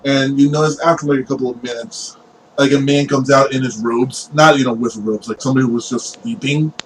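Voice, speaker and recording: A man's voice: mid-range voice, steady tone, a little fast. A man narrating as game master of a tabletop game, rambling with many fillers. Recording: distant mic with faint noise.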